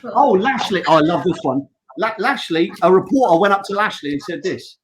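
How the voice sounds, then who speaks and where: A man with a high, lively voice co-hosts a casual wrestling podcast. He mocks wrestlers' lines by acting them out in voices. Faint noise sits under the recording. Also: fairly quick, low-quality recording. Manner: animated, mocks quotes in put-on voices. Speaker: podcast co-host.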